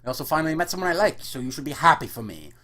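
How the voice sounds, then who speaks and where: A man's voice: fairly high pitch, very animated, racing, bright, forceful tone, voice pushed up. A man voicing a widowed father, jokey and reassuring, in a comic storybook reading. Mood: upbeat. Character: widowed dad, upbeat and joking.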